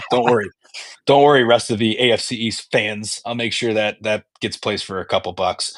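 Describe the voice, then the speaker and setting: A man's voice: fairly low pitch, steady tone, moderate pace, a bit bright, no echo. A man co-hosting a casual sports podcast, telling rambling stories full of swearing. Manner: profane, rambling storyteller. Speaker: podcast co-host.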